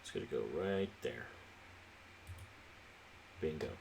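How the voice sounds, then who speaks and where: A man with a very low voice gives relaxed, halting commentary while he plays a city-building game, thinking aloud as he goes. He sounds a little sleepy, and faint noise sits under the recording. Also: creaky. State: sleepy, yawning. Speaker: let's play host. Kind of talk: casual gameplay commentary.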